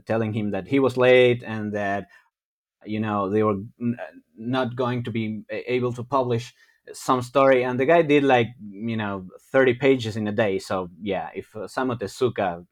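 A man talking as a guest on a podcast, hesitant, with many restarts and frequent laughter. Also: lowish voice. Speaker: guest artist. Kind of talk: casual podcast interview.

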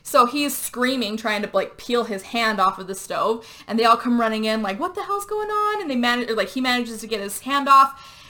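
Bright-voiced woman recapping a movie. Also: fairly high pitch, a little fast. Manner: animated storytelling, acting out quotes with frequent swearing and fillers. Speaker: podcast host. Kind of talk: casual movie recap chat.

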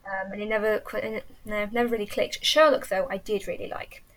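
A talkative English woman with a medium-pitched voice, speaking as a podcast guest. She rambles with enthusiasm and restarts her sentences. Her voice sounds like a teacher chatting casually. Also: fairly even intonation, a little fast, fairly bright tone. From England. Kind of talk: casual chat.

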